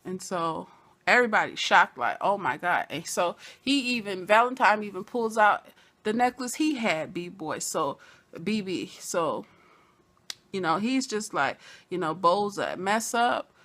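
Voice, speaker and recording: A woman giving a chatty, casual recap of a TV episode, full of "you know" asides and sudden bursts of excitement. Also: mid-range voice, measured pace. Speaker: TV episode reviewer.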